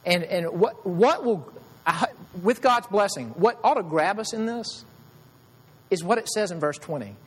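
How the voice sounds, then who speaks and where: Firing rhetorical questions at the congregation, a pastor preaches in a conversational sermon, his lively pitch somewhat high for a man. The voice is husky and a bit bright, the pace a little slow, and a long church-hall reverb trails the sound.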